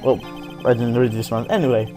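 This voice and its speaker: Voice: mid-range voice, fairly even intonation, a little fast, warm tone, soft background music. A let's player giving casual, sarcastic commentary over a game. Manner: joking, sarcastic asides.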